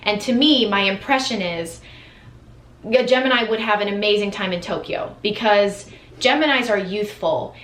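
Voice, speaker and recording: A woman's voice: mid-range voice, normal speed, a bit bright, a little hiss or hum. Woman, American, chatty vlogger, casual and enthusiastic, fillers and restarts, roomy echo. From United States. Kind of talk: casual talk to camera. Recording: echoey room.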